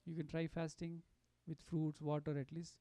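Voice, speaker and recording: A man giving a devotional storytelling talk at a satsang, animated and full of fillers and restarts. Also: fairly high pitch, moderate pace, no echo. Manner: animated, acts out quotes, many fillers and restarts. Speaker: satsang speaker.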